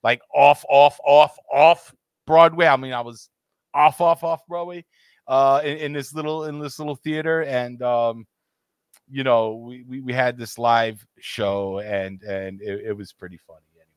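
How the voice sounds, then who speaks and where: A man's voice: medium pitch, steady tone, a little slow, dry recording, studio quality. A man co-hosting a sports podcast, joking in an easygoing way. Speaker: podcast co-host. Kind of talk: casual sports chat.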